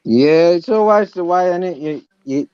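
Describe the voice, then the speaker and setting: British male host, laid-back slangy banter, smooth tone, dull lo-fi line. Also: high-pitched, normal speed, darkish tone, dry recording. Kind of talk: casual chat. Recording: dull lo-fi sound.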